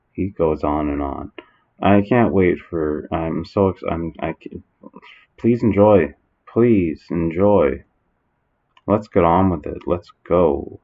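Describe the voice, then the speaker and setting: A man hosting a comedy podcast, talking in a halting, filler-heavy, playful way. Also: rumbling low, narrow, tinny audio. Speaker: podcast host. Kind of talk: comedy sketch and casual chat. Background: background music.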